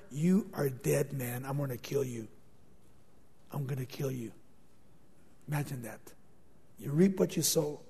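A man preaching through a scripture passage, retelling it in his own words, acting out the quotes and dropping to a hushed, intense voice for emphasis. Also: sits high. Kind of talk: expository sermon, paraphrasing scripture. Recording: long hall reverb.

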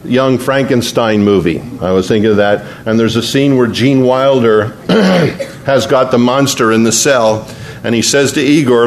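A man's voice: mid-range voice, moderate pace. Earnest conversational male preacher. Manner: earnest, conversational, prays aloud mid-sermon. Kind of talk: sermon.

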